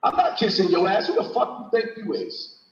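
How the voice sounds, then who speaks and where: A man's voice: high-pitched, big pitch swings, a little fast, reverberant, lo-fi sound. A man arguing heatedly on a panel, confrontational and profane. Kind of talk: heated argument on a live panel.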